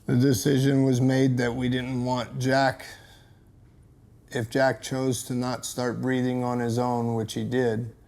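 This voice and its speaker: A man in his sixties, a stepfather speaking in a documentary interview, measured and reflective, with hesitant pauses. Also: medium pitch, completely flat delivery, creaky, darkish tone. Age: 60s.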